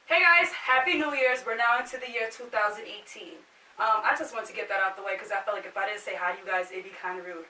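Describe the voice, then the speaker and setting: Woman, New Jersey, emphatic complaining rant, sharp tone, distant mic. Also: medium pitch, fast talker, slight background noise. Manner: exasperated, emphatic complaining with swearing. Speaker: vlogger. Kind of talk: casual vlog rant. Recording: echoey room, mic at a distance.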